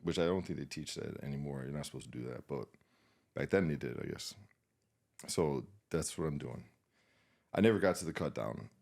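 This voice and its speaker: A war veteran appears as a podcast guest, recounting a painful memory in an extremely deep, gravelly voice with a slightly mellow quality. He sounds shaken and subdued, speaking haltingly, restarting sentences, filling pauses with "you know," and swearing often in this emotional personal story.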